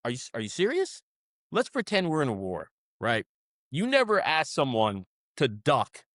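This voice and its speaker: A man guest on an interview podcast, telling animated stories and often ending his points with "right?". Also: mid-range voice, dry recording, studio quality. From South Florida. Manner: animated storyteller, tags many sentences with "right?". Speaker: restaurant management co-founder, guest. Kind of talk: conversational interview.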